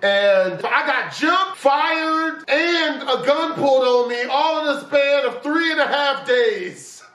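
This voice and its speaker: A young man commenting on a horror game he is playing, brash and full of slang, often breaking into yelling. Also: very high-pitched, animated, takes it slowly, roomy sound, recorded from a distance, low-quality recording. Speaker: gaming YouTuber.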